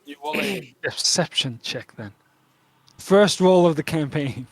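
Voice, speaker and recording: A man's voice: a little high, expressive, a little slow, breathy edge, no echo. A man narrating as game master, with frequent hesitations and fillers. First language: Danish.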